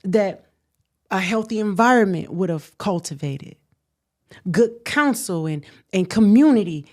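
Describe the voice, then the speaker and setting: A woman in her thirties from the United States, candidly telling a personal story in a relaxed chat, quiet and reflective. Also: medium pitch, measured pace. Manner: animated retelling with acted quotes, then quiet and reflective. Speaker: guest.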